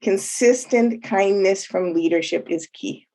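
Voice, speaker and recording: A woman co-presenting a webinar, speaking in a measured way and stressing points one by one. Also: mid-range voice, mellow. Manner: measured, list-like emphasis.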